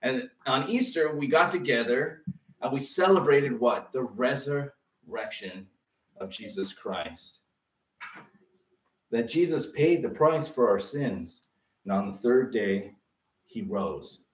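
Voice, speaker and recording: A man preaching a sermon as pastor, lively and conversational, full of rhetorical questions. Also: mid-range voice, slow pace. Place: church sanctuary. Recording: roomy sound from a distance.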